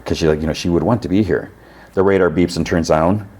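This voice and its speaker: Low-voiced man casually recapping an episode. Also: fairly even intonation, quick pace, a little mellow. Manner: rambling, filler-heavy retelling. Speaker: podcast host.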